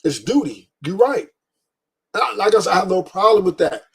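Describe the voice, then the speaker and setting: A man's voice: high-pitched, animated, fairly quick, vocal fry, slightly rough. A man hosting a livestream, ranting bluntly with profanity and repeated emphasis. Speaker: podcast host. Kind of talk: livestream commentary rant.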